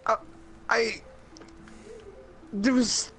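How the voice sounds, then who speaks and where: This podcast co-host speaks in an extremely high, husky voice that is sharp in tone, steady, and very slow, with soft music underneath. Recorded on a home podcast mic, he spins a rambling story in relaxed conversation, full of restarts and laughter.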